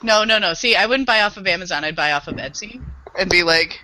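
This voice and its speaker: A woman with a medium-pitched, animated voice talks fast in a sharp tone, and the recording quality is low. She works with small children and is a guest on a podcast, chatting casually. Playful and self-mocking, she laughs often at herself.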